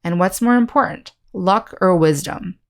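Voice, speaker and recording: Woman English teacher, lowish voice, clear, patient lesson delivery. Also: lively intonation. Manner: clear, slow, teacherly explanation with example sentences. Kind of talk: scripted online lesson.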